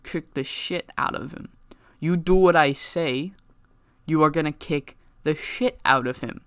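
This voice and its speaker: A man voicing a whiny, panicky male wrestler in a wheelchair who pleads and bosses in a shrill voice. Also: a little slow, a bit bright, clean tone, dry recording.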